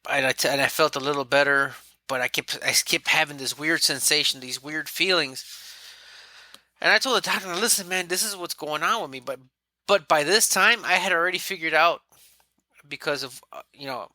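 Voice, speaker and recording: A man whose voice is a little high speaks at a moderate pace, with no echo. On a podcast as a guest, he tells his story frankly and animatedly, quoting himself and acting out other people's lines.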